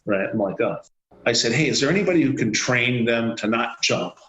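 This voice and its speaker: A man in an interview, spinning a long personal story with animated back-and-forth dialogue. His voice sits at an ordinary pitch and rings a little in an echoey room. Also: fairly quick. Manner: animated, acts out quoted dialogue. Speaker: CEO guest. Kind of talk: anecdotal storytelling.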